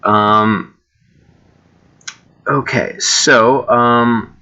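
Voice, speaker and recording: A man's voice: mid-range voice, fairly even intonation, extremely slow, pushed and bright, clean tone, muffled recording. A man casually reading generated stories aloud, often breaking off with fillers and chatty asides. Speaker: reader and creator of homemade games.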